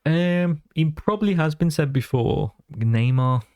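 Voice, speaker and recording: A man chatting as a podcast guest, an animated storyteller who keeps slipping into other voices. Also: a little high, a little slow, no echo, studio quality. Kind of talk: casual chat.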